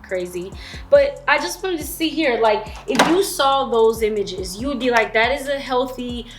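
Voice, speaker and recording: A woman's voice: a little high, expressive, normal speed, music in the background. A woman in her thirties telling her own story in a candid, chatty vlog, with slangy asides to the viewer. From Florida. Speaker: vlogger.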